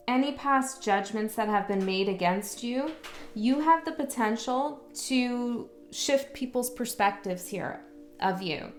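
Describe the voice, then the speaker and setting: A woman giving a casual spoken tarot reading, talking frankly and often checking in with the listener. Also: a little high. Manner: chatty, frank, checks in with "okay?". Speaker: tarot reader. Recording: roomy echo, faint music.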